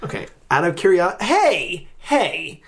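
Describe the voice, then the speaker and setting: Guy hosting a podcast, kinda high voice, teasing and rambly. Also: huge pitch swings, slow, fairly bright tone. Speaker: podcast host. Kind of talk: casual podcast chat.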